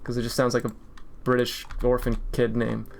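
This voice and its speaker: A man's voice: medium pitch, monotone, moderate pace, creaky, a little hiss or hum. A man in his twenties, a streamer chatting casually while he draws, rambling through jokey tangents and laughing often. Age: 20s. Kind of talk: casual chat while drawing.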